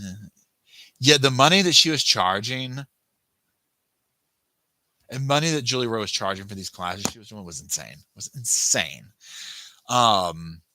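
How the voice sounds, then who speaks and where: A man's voice: low-pitched, pushed and bright, no room sound. A man hosting a casual live chat, rambling and restarting his sentences as he thanks viewers by name. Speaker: livestream host.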